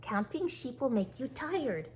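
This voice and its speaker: A hyper, eager young squirrel from a storybook, his voice climbing high and swinging wildly as he repeats everything three times, as a woman reads him out. The telling stays unhurried, with a faint hum of background sound. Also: sing-song. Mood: excited.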